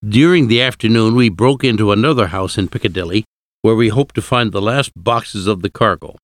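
Low-voiced male storyteller. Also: fairly quick, no room sound, clean studio sound. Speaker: narrator. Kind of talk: audiobook reading of a classic novel.

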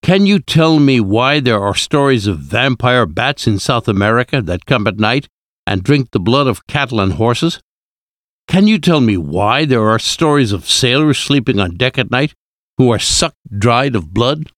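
A man reading the lines of a grave older male professor in a solemn, measured way. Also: mid-range voice, expressive, fairly bright tone, no room sound, studio quality, lightly acted.

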